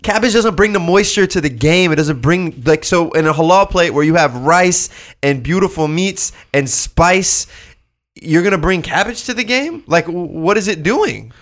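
Higher-pitched guy arguing his point hard on a podcast, teasing, calls people bro. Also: expressive, moderate pace, a bit bright. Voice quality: teasing, emphatic. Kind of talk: casual chat.

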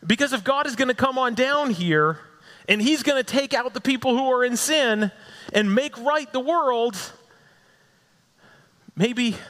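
Male preacher, high and very expressive voice, slow measured sermon, big echoing hall. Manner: dramatic, rising and falling delivery with repetition. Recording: echoey hall with long reverb.

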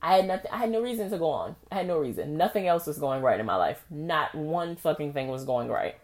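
A young woman hosting a podcast, telling a personal story in a candid, profane, animated way with frequent laughs. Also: low voice, quick pace. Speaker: podcast host.

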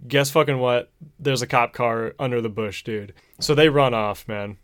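A young man hosting a casual talk show, excitedly and profanely retelling a movie plot and saying "dude" often. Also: mid-range voice, moderate pace, clean tone, dry recording, studio quality. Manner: excitable, profane storytelling, says "dude" a lot. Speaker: podcast host. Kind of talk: casual movie recap chat.

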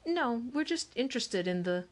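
A woman voicing a steady, bookish older brother who speaks in a measured, patient way in an audiobook reading. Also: on the high side, voice pushed up.

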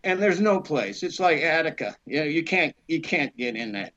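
A man, an actor guest, telling a lively anecdote, acting out voices and laughing often. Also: fairly high pitch, moderate pace, lo-fi sound. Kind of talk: animated storytelling.

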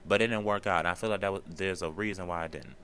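A man's voice: low voice, fast, a bit bright, smooth. Earnest man talking on his podcast. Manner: earnest, encouraging, repeats himself for emphasis. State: tearful at times. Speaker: podcast host. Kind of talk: solo podcast monologue.

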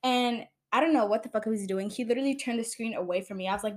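A woman's voice: fairly high pitch, fast. A young woman hosting her own podcast, talking casually and bluntly, exasperated and swearing freely as she rants. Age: young adult. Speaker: podcast host.

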